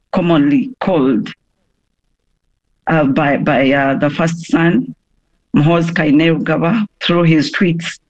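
A woman giving a phone interview, hoarse from a cough, speaking haltingly with many pauses and restarts. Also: lowish voice, dull audio. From Uganda.

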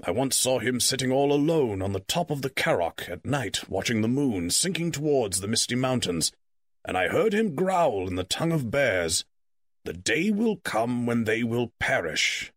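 A man reading the part of Gandalf, a stern and testy old male wizard, in measured, lecturing tones. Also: medium pitch, no echo, studio quality, close to an everyday voice. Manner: measured, lecturing, quick to scold. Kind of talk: audiobook character reading.

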